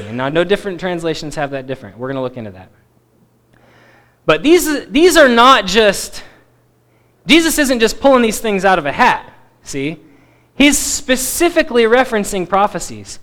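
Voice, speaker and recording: A man teaching a Bible passage in a sermon, stressing key words emphatically and dropping to quiet asides. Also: high-pitched, sing-song, moderate pace. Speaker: preacher.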